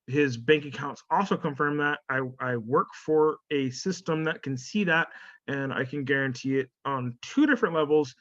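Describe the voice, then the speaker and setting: A man's voice: medium pitch, fairly bright tone, no echo. A man hosting a podcast in a rambling, profane solo rant full of fillers and restarts, on a dull lo-fi recording. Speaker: podcast host.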